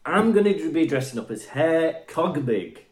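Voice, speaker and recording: A male podcast host chatting casually and cracking jokes. His pitch swings up and down a lot as he talks. The sound carries a roomy echo. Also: big pitch swings, normal speed, a little mellow. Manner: jokey, laughs easily. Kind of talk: casual chat.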